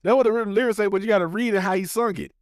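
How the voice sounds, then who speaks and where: A man's voice: high-pitched, rapid-fire, no echo, clean studio sound. A man co-hosting a podcast who keeps teasing his friend and insisting on his point. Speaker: podcast co-host. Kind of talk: casual chat.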